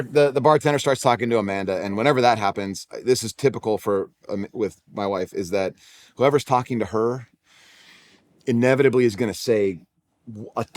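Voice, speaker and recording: A man in his forties, a pastor with a Californian accent, telling a personal story in a sermon, conversational and self-deprecating with frequent restarts. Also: medium pitch. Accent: Californian English. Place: church auditorium.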